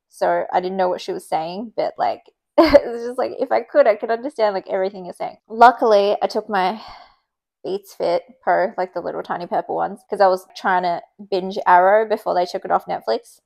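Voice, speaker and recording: A woman's voice: medium pitch, steady tone, brisk, vocal fry, a little mellow. Chatty woman vlogging. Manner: chatty, filler-heavy with frequent "like"; laughs easily while telling stories. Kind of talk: casual chatty vlog.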